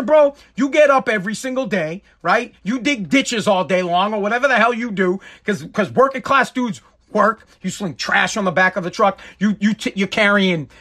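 Guy going off on a foul-mouthed rant, high bright voice. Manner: profane, heated, animated ranting. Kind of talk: comedic rant.

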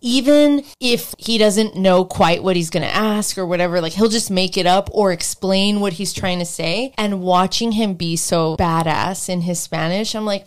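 A woman's voice: mid-range voice, normal speed, few pauses, clean tone. A young woman with a Southern California accent, hosting a podcast and chatting candidly, swearing freely. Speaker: podcast host. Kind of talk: casual podcast chat.

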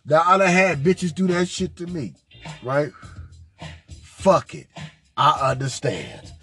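A man with a rather high voice tells a crude, comic story in a monologue. He is profane and boisterous and drags some words out. Faint music plays behind him. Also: lively intonation, slow pace, a bit bright. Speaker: podcast host.

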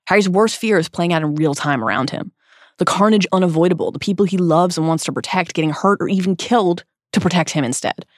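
A woman co-hosting a podcast, reading a scripted essay earnestly and dramatically, with slow, emphatic stresses. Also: lowish voice, no room sound. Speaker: podcast co-host.

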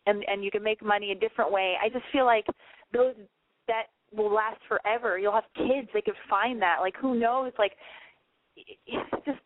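A woman's voice: medium pitch, fairly even intonation, moderate pace, no echo. A woman hosting a call-in show, chatting in a rambling, blunt, casual way. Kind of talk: casual call-in advice and banter. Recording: tinny phone-like line, dry.

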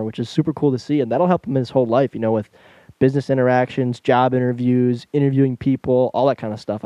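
Fast, upbeat young man co-hosting. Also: medium pitch, dark tone, no echo. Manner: fast-talking, enthusiastic, stumbles when slowing down. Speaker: podcast co-host. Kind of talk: casual podcast chat.

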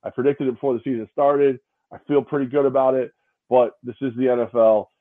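Over a thin, phone-quality line from somewhere other than his co-host's location, a hungover man chats about sports at a fairly quick pace. His mid-range voice stays fairly even as he rambles, repeats himself and mimics others.

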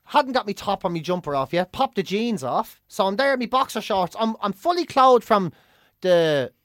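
An Irish man co-hosting a podcast, telling stories in casual chat, swearing freely and acting out his own shouting. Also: high-pitched, lively intonation, normal speed, dry recording, clean studio sound. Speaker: podcast co-host.

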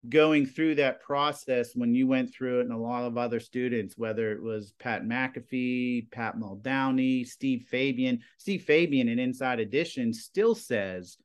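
A man in his forties, a high school TV production teacher, telling stories in a casual interview with lots of fillers. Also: measured pace, hardly any pauses, clean tone. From Pennsylvania. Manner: rambling, filler-heavy storytelling with lots of "you know" and "like".

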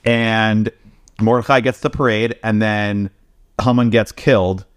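A man co-hosting a podcast, retelling a story casually and profanely, slipping quick quoted lines into it. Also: lowish voice, fairly even intonation, clear, resonant tone, dry recording, studio quality. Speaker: podcast co-host. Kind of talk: casual storytelling among friends.

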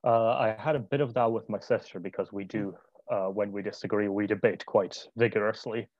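A young man talks as a guest, hesitant and pausing often on filler sounds. His voice is fairly low, and the audio is dull and lo-fi with no room echo. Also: fairly even intonation, a little mellow. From United Kingdom. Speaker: interview guest. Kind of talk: casual conversational interview.

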